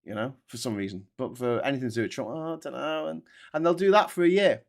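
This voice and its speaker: A man's voice: mid-range voice, sing-song, fast. A British man hosting a political commentary show, ranting in a heated, mocking, sweary way.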